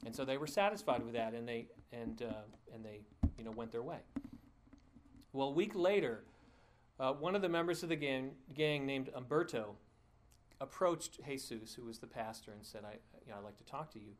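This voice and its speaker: A man's voice: medium pitch, normal speed, slight background noise. A man preaching a sermon, telling a story in a conversational way with frequent fillers and restarts, and chuckling at his own asides. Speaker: pastor.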